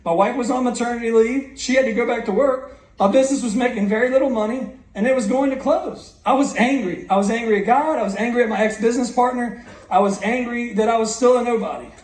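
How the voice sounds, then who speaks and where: A man's voice: extremely high pitch, quick pace. A man in his thirties giving an earnest motivational speech to a graduating class, telling his own story with frequent restarts. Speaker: guest speaker. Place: large school hall. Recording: echoey hall from far off.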